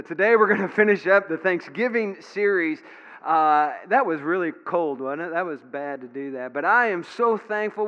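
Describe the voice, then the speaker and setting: A man's voice: fairly high pitch, clean tone. A middle-aged man preaching a sermon as pastor in a church, telling folksy stories with plenty of fillers. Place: church sanctuary. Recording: dull sound with long hall reverb.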